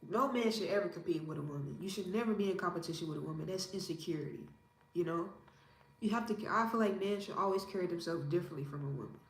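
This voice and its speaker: Woman, 30s, calm, measured, self-assured, casual interview, roomy echo. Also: fairly low pitch. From Indiana, USA. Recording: roomy echo with faint ambience.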